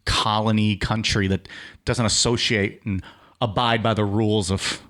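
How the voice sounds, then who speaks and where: Male podcast host, slightly low voice, deadpan jokes, rambling delivery. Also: normal speed. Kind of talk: casual chat.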